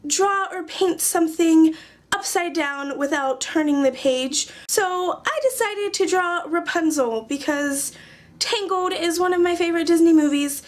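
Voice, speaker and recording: A young woman casually chatting through her journal pages in a vlog, joking at herself with dry sarcasm. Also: sits high. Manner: chatty, self-mocking, sarcastic jokes. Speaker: craft journaling vlogger. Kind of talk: casual chat.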